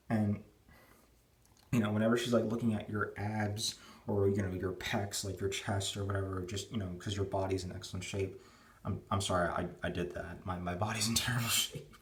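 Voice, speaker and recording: A man in his twenties, vlogging from indoors at home, speaks in a voice on the low side with a steady tone and moderate pace. His rant to camera is crude and rambling, packed with fillers, and kept quiet in the early morning.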